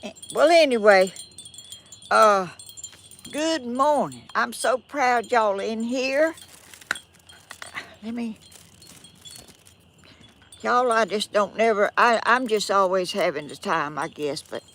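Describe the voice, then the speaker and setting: An older Southern woman with a gravelly voice talks slowly and loosely to her live-stream viewers. She rambles and apologizes as she chats. She is outdoors on a breezy morning, picked up by a phone on a tripod, with faint noise behind her. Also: a little high, fairly bright tone. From Georgia, US. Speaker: vlog host. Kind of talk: casual live-stream chat. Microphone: phone or tablet on a tripod.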